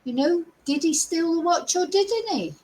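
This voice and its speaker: A woman's voice: extremely high pitch, animated, normal speed, darkish tone, poor audio. A middle-aged woman hosting a true crime livestream, opinionated and asking her viewers many rhetorical questions. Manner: opinionated, asks the audience lots of rhetorical questions. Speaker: true crime channel host.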